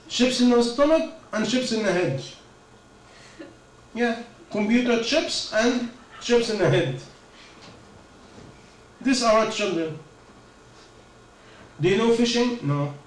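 Man preaching, high voice, rhetorical questions, echoey room, distant mic. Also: animated, slow pace, long pauses. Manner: questioning, rhetorical, non-native phrasing. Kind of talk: informal religious talk.

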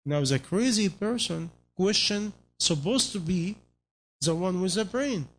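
A man's voice: high-pitched, animated, unhurried. A man preaching a sermon in non-native English phrasing, pressing his listeners with repeated rhetorical questions.

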